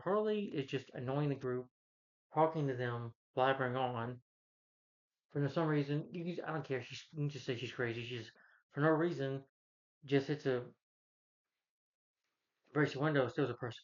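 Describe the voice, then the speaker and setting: A man's voice: mid-range voice, normal speed, long pauses, muffled recording. Rambling man reviewing a movie. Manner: rambling, many restarts and fillers, opinionated. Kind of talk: casual rambling film review.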